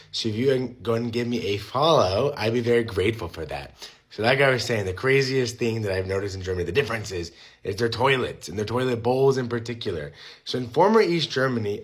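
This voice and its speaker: Chatty American man vlogging. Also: mid-range voice. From United States. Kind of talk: casual vlog.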